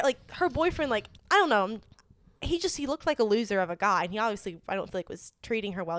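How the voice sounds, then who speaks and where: A woman's voice: medium pitch, a bit bright, no echo. Young woman telling a story, dry close mic. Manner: chatty, many "like" fillers, earnest. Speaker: podcast co-host. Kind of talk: casual storytelling chat.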